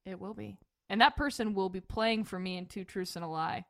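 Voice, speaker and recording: A woman's voice: mid-range voice, steady tone, a little fast, creaky, a bit bright, no echo, studio quality. A woman hosting a podcast, chatting casually and laughing often. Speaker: podcast host. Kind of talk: casual chat.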